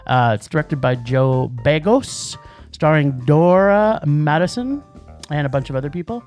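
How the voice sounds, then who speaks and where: A man's voice: a little high, unhurried, a little mellow, faint music behind. A man co-hosting a movie podcast in casual chat, rambling with restarts and laughs. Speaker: podcast co-host.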